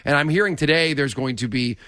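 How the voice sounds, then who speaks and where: A man hosting a casual talk show, chatting about sports and news in an excitable way, often laughing and cutting in. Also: a little high, quick pace, smooth, no room sound, clean studio sound.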